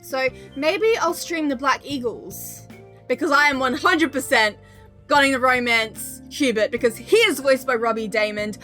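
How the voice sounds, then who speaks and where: A young woman live-streaming a game, chatting loudly and excitedly with her viewers. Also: high-pitched, normal speed, soft background music. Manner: excitable, loud, bursts into squeals greeting chat. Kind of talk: casual live-stream chat while gaming.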